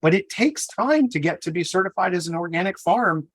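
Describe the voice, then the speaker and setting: A man hosts a podcast, reflecting conversationally on what past guests taught him. His voice sits a little higher than most men's. The sound is dry and close, with no room echo. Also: lively intonation, fairly quick. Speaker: podcast host. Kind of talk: conversational interview talk.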